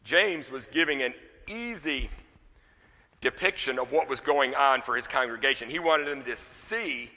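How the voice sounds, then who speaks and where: A man's voice: mid-range voice, animated, unhurried, pushed and bright, big-room sound. A man preaching a sermon, emphatic on scripture readings and loose and chatty in his story asides.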